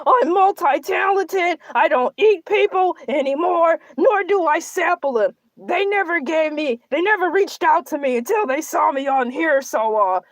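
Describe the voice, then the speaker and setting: A woman's voice: extremely high pitch, expressive, unhurried, hardly any pauses, no room sound. A woman voicing a boastful, self-pitying male shark who hosts a comedic livestream and rambles through melodramatic complaints. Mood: rambling. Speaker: livestream show host in character. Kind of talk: comedic character livestream monologue.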